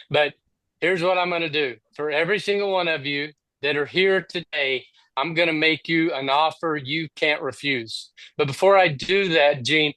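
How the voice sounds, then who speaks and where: A man on a video call who delivers a quick, repetitive sales pitch. His voice sits a little high, and the sound is dry with no room around it. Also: sharp tone, no echo, rough recording. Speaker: co-host of training webinar.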